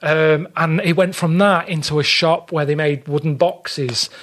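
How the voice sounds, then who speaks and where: In casual podcast chat, an Englishman tells a story at a measured pace, his higher, slightly bright voice keeping fairly even intonation. He sounds blunt and grumbling and acts out the people's quoted exchanges.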